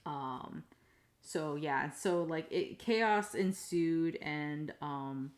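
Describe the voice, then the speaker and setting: A woman streamer tells a tabletop game story in a loose, rambling way. Her voice sits low for a woman, and her sentences wander through constant fillers. She swears now and then without any fuss. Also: extremely slow. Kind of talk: casual storytelling on a live stream.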